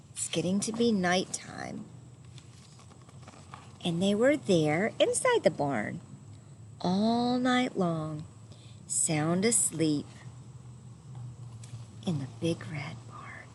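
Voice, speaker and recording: A woman reads a children's story aloud at an unhurried pace, her voice rising and falling widely. She makes the animal sounds herself and stops to ask her young listeners questions. A faint noise sits behind her. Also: lowish voice. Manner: gentle and lively, doing animal sounds and asking listeners questions. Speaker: storyteller reading a picture book to children.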